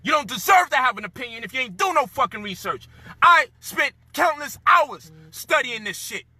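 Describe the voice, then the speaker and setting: A man's high, very bright voice in a heated monologue. He rants with frustration, swears freely and lectures his listeners. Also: animated, normal speed, husky, no echo. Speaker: commentator.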